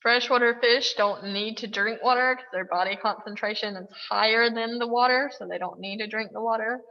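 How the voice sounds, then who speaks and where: Gravelly-voiced woman teaching a class. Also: on the high side, brisk, in a large hall, lo-fi sound. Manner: explanatory, with occasional fillers. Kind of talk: classroom lecture.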